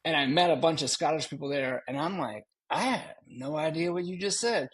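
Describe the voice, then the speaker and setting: A man co-hosting a podcast, telling a story in animated casual chat and laughing often. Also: on the high side, fairly quick, husky. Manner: animated, laughing, slips into joking voices. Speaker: podcast co-host.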